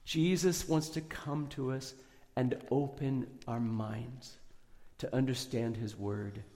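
A man's voice: mid-range voice, steady tone, takes it slowly. Earnest man preaching in a reverberant hall. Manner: earnest, prayerful, rises in emphasis then softens. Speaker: pastor. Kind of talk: Easter sermon. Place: church.

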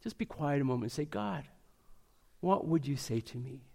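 A man's voice: fairly high pitch, expressive, moderate pace, gravelly. Earnest preacher, man, echoing hall. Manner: earnest, varies pace and loudness for emphasis. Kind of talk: sermon. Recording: long hall reverb.

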